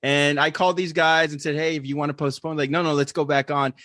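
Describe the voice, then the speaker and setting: Podcast dude, kinda high voice, laughs a lot, dry sound. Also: male voice, little pitch movement, fast talker, fairly bright tone, dry recording. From Texas. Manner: laughs often, swears casually. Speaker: podcast co-host. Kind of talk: casual chat.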